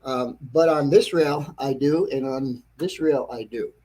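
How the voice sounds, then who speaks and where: A man hosting a casual livestream about his model railroad, rambling and correcting himself, clearing his throat often, frustrated with a problem. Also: mid-range voice, a little slow, dark tone. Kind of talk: casual livestream chat to viewers. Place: train layout room at home.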